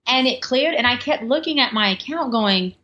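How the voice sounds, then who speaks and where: A woman guest telling a personal story in an interview, animated and lively, often slipping into the voices of other people. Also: a little high, moderate pace. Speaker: life coach guest. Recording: slightly muffled with faint background noise.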